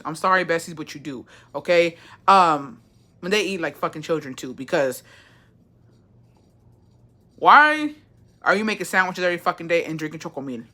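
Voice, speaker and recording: A young woman chatting on a livestream in a bright, sharp voice that sits a little low. She is sassy and animated and swears freely as she reacts to her chat. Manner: animated, profane, sassy, reads chat aloud. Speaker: livestream host.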